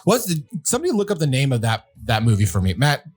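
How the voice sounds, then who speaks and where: A man hosting a podcast in casual chat, loud and jokey, swearing freely. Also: mid-range voice, wildly swooping pitch, quick pace, faint music behind. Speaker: podcast host.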